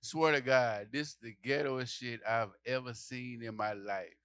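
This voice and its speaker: A man doing a stand-up comedy set, telling a story loudly and acting out the people in it, with lots of swearing. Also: medium pitch, a little slow, clear, resonant tone, no room sound. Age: adult. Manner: loud animated storytelling, acting out characters, profane.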